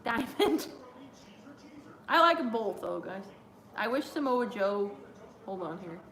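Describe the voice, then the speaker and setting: A woman's voice: medium pitch, big pitch swings, takes it slowly, a bit bright. A young woman hosting a casual live watch-along stream, chatty and giggly as she reads viewer chat aloud. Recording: roomy echo.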